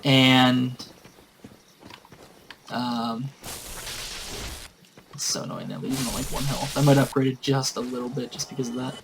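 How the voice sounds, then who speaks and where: A man casually retelling a tabletop game session. He rambles, with lots of fillers, at a middling pitch. Faint background noise sits behind his voice. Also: steady tone, unhurried, vocal fry, pauses often. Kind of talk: casual storytelling.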